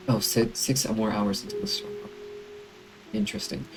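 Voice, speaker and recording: A man's voice: on the low side, very animated, moderate pace, vocal fry, long pauses, music in the background, low-quality recording. A man streaming a game, chatting casually and enthusiastically with lots of fillers.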